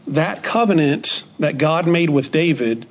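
A man teaching a Bible study lesson in a somewhat higher voice. He speaks in a measured way and repeats key phrases for emphasis. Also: expressive.

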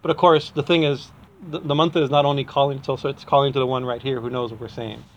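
A man's voice: mid-range voice, little pitch movement, fast talker. A man teaching in a chatty devotional talk, often restarting his sentences and chuckling as he explains. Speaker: spiritual teacher.

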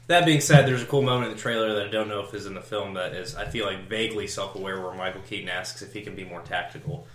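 Wry low-voiced male co-host. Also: fast talker, few pauses. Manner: wry and punchy, with loud emphatic bursts. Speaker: podcast co-host. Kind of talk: casual movie discussion. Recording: roomy echo with faint noise.

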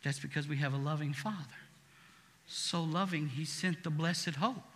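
A male pastor preaching a sermon, swinging from quiet, intimate passages to shouted praise. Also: on the high side, normal speed, long reverb tail.

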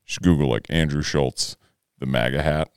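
A man's voice: very deep voice, normal speed, clean tone, dry recording, studio quality. A man co-hosting a podcast in casual chat, loose and profane, joking around. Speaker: podcast co-host.

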